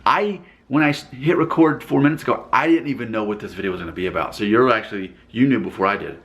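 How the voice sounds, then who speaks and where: A man's voice: medium pitch, quick pace, fairly bright tone, muffled recording. A man casually rambling as he reacts to viewer comments in his vlog, often breaking into laughter.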